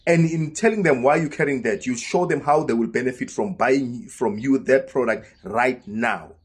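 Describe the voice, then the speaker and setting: A man's voice: mid-range voice, normal speed, husky. A South African man casually telling a personal story, acting out the dialogue as he goes. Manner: lively storyteller who acts out quoted dialogue. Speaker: vlogger.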